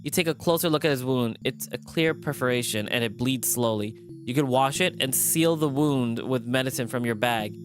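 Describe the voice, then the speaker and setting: A streamer narrating a visual novel aloud in an animated way, jumping in and out of character voices. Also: medium pitch, normal speed, hardly any pauses. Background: background music.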